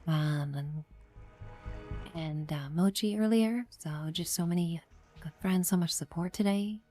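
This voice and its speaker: A woman's voice: on the low side, unhurried, warm tone, soft background music. Upbeat streamer woman, Chicago accent. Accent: Midwestern American, Chicago. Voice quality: chatty, upbeat, greets viewers by name. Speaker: live streamer. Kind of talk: casual live-stream gaming chat.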